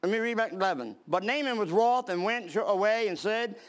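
A man's voice: high voice, expressive, brisk. A man preaching a sermon, reading scripture aloud and then explaining it in plain talk with fillers and restarts.

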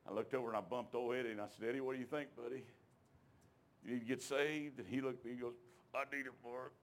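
A man's voice: mid-range voice, fairly even intonation, fast. A man preaching a sermon, telling his own testimony in a folksy, emphatic way and calling out to the congregation.

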